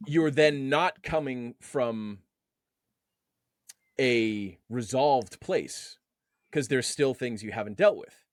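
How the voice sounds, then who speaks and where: A man's voice: mid-range voice, takes it slowly, pauses often, dry recording. A man talking as an interview guest in a mid-range voice. He explains his ideas through homely analogies and pushes up on the words he wants to land. The sound is close and dry. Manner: explains through everyday analogies, animated lift on key words. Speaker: guest, men's emotional coach. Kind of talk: conversational interview.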